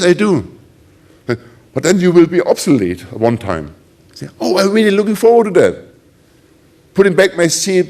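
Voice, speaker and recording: A middle-aged man with a German accent giving a conference talk, telling ironic stories and acting out the quoted voices of others. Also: a little high. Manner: animated, ironic storytelling with acted quotes. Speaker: conference speaker.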